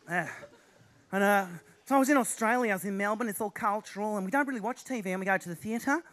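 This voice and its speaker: Man, Essex accent, high voice, frantic stand-up energy, stage set. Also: crowd noise. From Essex, England. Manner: fast, restless, animated delivery with sudden put-on voices. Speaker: stand-up comedian. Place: theatre stage before a live audience.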